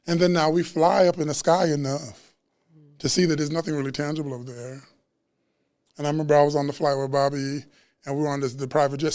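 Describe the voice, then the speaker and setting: A man who works as a chef and Reiki practitioner, chatting as a guest at a live podcast taping in a bookstore and telling stories in an animated, slangy way. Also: fairly high pitch, fast talker, dry recording. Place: bookstore event space.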